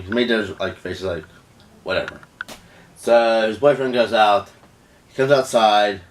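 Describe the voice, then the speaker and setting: A man's voice: lowish voice, far from the mic, a little hiss or hum. A man casually telling a storytime tale, rambling with lots of restarts and "you know"s. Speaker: vlogger.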